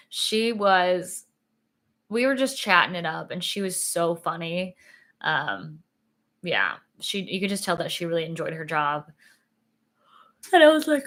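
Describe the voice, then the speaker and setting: A woman's voice: on the low side, a bit bright. A young woman vlogging in a rambling, chatty way, full of "like" and "um", sleepy and yawning. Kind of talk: casual sit-down vlog chat.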